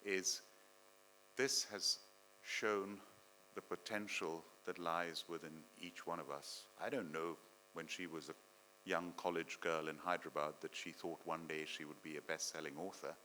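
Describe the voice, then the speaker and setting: Deep, bright-toned man with faint hum. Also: low-quality recording. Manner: warm, proud praise. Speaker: event host introducing the author. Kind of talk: introductory speech. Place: cultural centre event hall.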